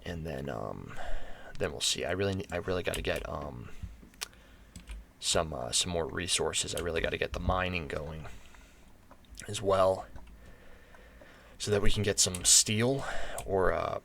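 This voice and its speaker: An American man talks his way through a game in a deep voice with a gravelly edge. He rambles and restarts, filling gaps with ums as he thinks aloud. A faint hiss sits under his voice. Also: a little slow, long pauses, fairly bright tone. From United States. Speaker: gaming channel host. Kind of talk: casual gameplay commentary.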